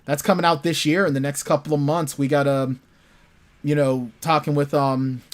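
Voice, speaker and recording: A man's voice: fairly high pitch, level tone, normal speed. A man talking as a guest author in a casual chat, telling stories animatedly and repeating his words. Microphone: remote call microphone.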